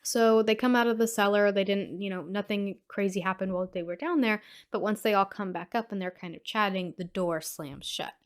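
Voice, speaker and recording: A woman talks through a horror film scene by scene in a relaxed, chatty podcast recap. Her pitch sits in an ordinary middle range, and her delivery is loose and conversational, full of little fillers. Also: brisk, few pauses. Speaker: podcast host. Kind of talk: casual movie recap.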